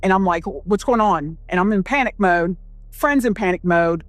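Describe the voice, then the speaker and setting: A woman's voice: medium pitch, normal speed, no room sound. Woman rambling through a scary story. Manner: rambling, restarts, swears, quotes herself. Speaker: guest storyteller. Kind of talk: first-hand telling of a scary story.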